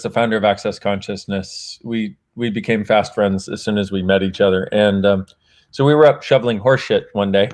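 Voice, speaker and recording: A man, an author, chatting casually in a conversation, laughing often, acting out remembered dialogue, and rambling and correcting himself as he goes. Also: lowish voice. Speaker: author and guest.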